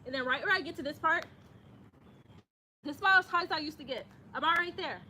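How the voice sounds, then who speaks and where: This livestreamer, a young woman, reads chat comments and talks loosely with viewers while resting between exercises. She speaks fast in a bright, high voice, giggling frequently and saying things twice. A phone camera captures her, and there's slight background noise.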